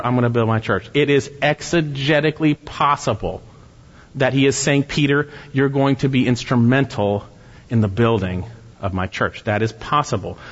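A man's voice: fairly high pitch, a bit bright, long reverb tail, lo-fi sound. A man preaching an expository sermon, earnest and teaching through rhetorical questions. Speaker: pastor.

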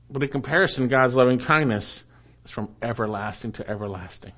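A man's voice: medium pitch, fairly quick. Emphatic man preaching a sermon. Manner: emphatic preaching, rising to exclaim then dropping to a hush; repeats phrases for emphasis. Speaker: pastor.

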